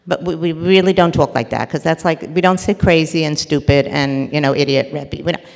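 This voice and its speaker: A woman therapist giving a parenting lecture to a live audience, animated and acting out little scenes as she teaches. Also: lowish voice, fairly quick, few pauses, big-room sound. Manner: animated, acts out little scenes with quoted voices.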